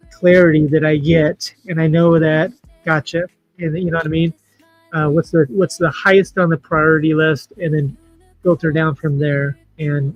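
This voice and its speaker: A man's voice: fairly high pitch, dry recording, rough recording. Emotional man hosting a livestream. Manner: emotional, halting, heartfelt. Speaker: livestream host. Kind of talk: casual livestream chat.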